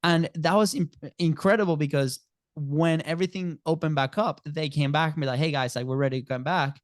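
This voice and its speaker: Animated man telling stories, many "right?"s. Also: on the high side, fairly quick, dry recording, studio quality. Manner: animated, acts out little scenes in quoted voices, says "right?" often. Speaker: podcast guest, agency co-founder. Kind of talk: casual storytelling interview.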